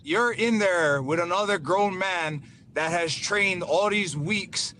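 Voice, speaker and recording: A man's voice: sits high, slow pace, slight background noise. A man, a professional fighter, calling into a radio show from his truck, talking with energy and easy slang. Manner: energetic, laid-back slang. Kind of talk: casual call-in interview.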